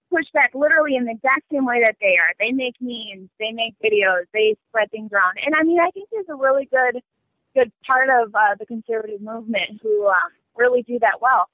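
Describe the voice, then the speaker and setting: A woman's voice: fairly high pitch, dry recording. A young woman, a guest on a political talk show, chatting casually with lots of ums and small laughs, heard over a phone line. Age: young adult. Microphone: phone call.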